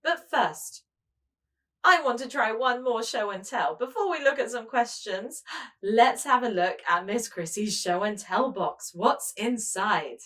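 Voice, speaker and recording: Speaking slowly in a sing-song way, a woman preschool teacher leads small children through show-and-tell. Her pitch sits fairly high, her intonation is lively, and her tone is a bit bright.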